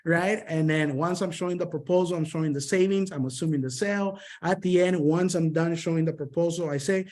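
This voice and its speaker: An energetic man runs a sales training session over a video call. His voice sits a little high, and he talks in quick bursts, tossing in "right?" and "boom" between points. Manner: energetic, repeats "right?" and "boom", rapid delivery.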